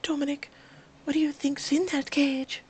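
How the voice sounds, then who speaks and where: A woman voicing a gentle young servant girl in a story game, speaking softly with a wavering voice. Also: sits high, level tone, normal speed, voice pushed up, close to an everyday voice, low-quality recording. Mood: curious.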